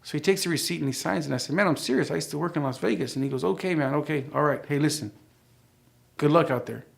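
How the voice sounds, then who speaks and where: Gravelly man telling his testimony. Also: a little high, fast. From United States. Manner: animated storyteller, acting out quoted dialogue. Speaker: church member sharing his testimony. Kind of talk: personal testimony storytelling.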